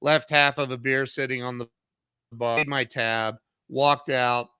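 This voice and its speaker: Clean studio sound and a dry recording carry this medium-pitched man's flat delivery at normal speed. A middle-aged author and CEO, he earnestly tells his own story in an interview, acting out past dialogue with sudden loud jumps. His tone is clean.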